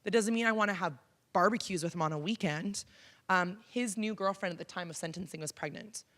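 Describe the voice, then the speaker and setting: A woman's voice: lowish voice, a little fast, fairly bright tone. A woman in her thirties, from Canada, speaking frankly and conversationally to an audience as a keynote speaker, with frequent ums. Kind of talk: personal story talk to an audience. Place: college auditorium.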